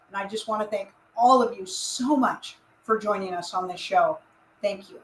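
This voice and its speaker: A woman's voice: medium pitch, normal speed, a bit bright, roomy sound, rough recording. A woman who channels a spirit guide on a live show, speaking emphatically and upliftingly to her audience. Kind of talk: spiritual talk to an online audience.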